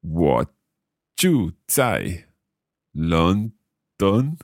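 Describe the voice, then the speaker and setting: Deep gravelly man, slow and lively. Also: no room sound, studio quality. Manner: curious, chuckling, slow careful repetition. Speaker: podcast co-host learning Mandarin. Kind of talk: casual language-lesson chat.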